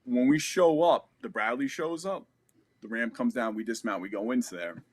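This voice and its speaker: A man's voice: medium pitch, normal speed. A man in his thirties, a podcast guest, telling a story in a loose, casual way, full of "like" and "you know" and the odd swear word.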